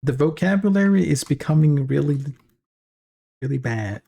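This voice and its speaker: A man with a South African accent, a native Afrikaans speaker, chatting casually on a livestream and reading chat aloud. He talks in a rambling way with halting restarts and frequent chuckles, and he sounds tired after a long session. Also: fairly high pitch, lively intonation, creaky, mellow, husky. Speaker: streamer.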